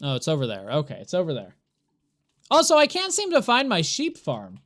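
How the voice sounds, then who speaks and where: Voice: medium pitch, big pitch swings, normal speed, fairly bright tone. A streamer chatting to viewers during a live gameplay stream, rambling and exasperated, laughing often. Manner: exasperated, rambling, talks to chat while playing.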